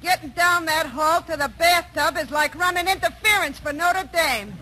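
A brassy, slangy young dame. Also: female voice, extremely high pitch, normal speed, bright, forceful tone, a little hiss or hum. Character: brash young woman roomer, wisecracking. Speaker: comic guest character. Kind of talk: 1940s radio comedy acting.

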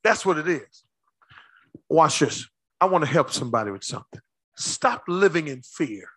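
A male pastor preaching a sermon with call-and-response, swinging between shouts and low asides. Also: very animated, moderate pace, slightly rough, dry recording.

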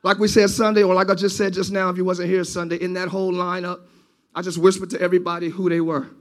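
Man preaching in church, very high voice, shouting then hushed, sermon to a congregation. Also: flat delivery, quick pace. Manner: preaching, swings from shouting to quiet intimate talk. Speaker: pastor.

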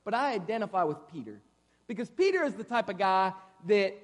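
Lively high-voiced man preaching in a hall. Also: fairly quick. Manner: lively, conversational preaching with playful asides. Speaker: guest preacher. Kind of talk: sermon. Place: church sanctuary. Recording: reverberant hall.

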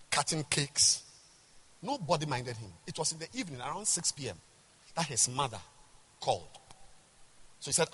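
A man, a bishop, preaching a sermon to a large congregation, emphatic and rhetorical, swinging from quiet asides to shouts. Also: on the high side, slightly rough. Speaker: bishop and pastor. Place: large church hall. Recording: reverberant church hall.

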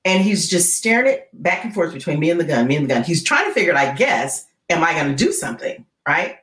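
A keynote speaker guesting on a podcast gets caught up in a story, her slightly bright voice making big pitch swings. She keeps adding a quick "right?", and the room echoes noticeably.

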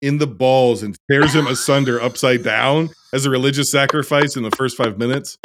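A man's voice: mid-range voice, normal speed, fairly bright tone. A man hosting a casual film discussion podcast, wry and joking. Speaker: podcast host.

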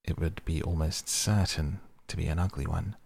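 A man's voice: extremely low pitch, steady tone, moderate pace, creaky, a little mellow, husky, dry recording, exaggerated voice. A man reading the part of a curious young girl who rambles and muses aloud to herself in a storybook. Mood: musing.

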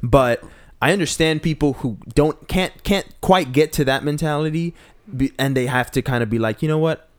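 A young adult man, an actor, in casual chat, telling animated stories with lots of swearing and laughter. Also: a little high, normal speed. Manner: animated storyteller, swears freely, laughs often.

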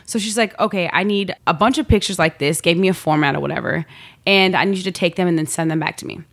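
Woman guest, slightly low voice, chatty and animated, slang-heavy storyteller. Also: fast. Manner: animated, slangy, laughs often, quotes herself. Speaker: guest, model. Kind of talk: casual storytelling chat.

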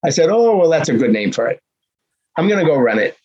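Older man from the Boston area telling his story as a guest: punchy, repetitive, slightly raspy. Recording is muffled and lo-fi. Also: on the high side, sing-song, brisk, a little mellow. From Boston area, USA. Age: 60s. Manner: acts out dialogue, punchy repetitions. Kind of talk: animated storytelling. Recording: dull lo-fi recording.

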